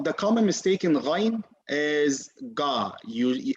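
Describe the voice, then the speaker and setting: Patient male teacher, slightly high voice, muffled video call sound. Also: lively intonation, normal speed, hardly any pauses. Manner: patient, encouraging, demonstrates sounds. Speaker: Quran recitation teacher. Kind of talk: online class teaching.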